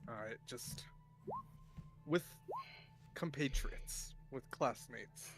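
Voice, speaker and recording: A man's voice: medium pitch, extremely slow, a bit bright, soft background music. A man playing in a tabletop game, answering in hesitant, flustered bits with frequent laughter. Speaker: player. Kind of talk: tabletop role-play.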